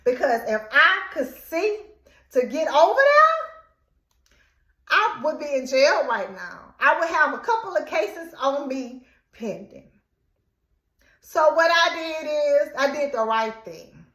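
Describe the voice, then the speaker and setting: A young adult woman telling a casual story time, animated and dramatic as she acts out what was said. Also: high-pitched, measured pace, echoey room. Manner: animated, dramatic retelling with quoted outbursts.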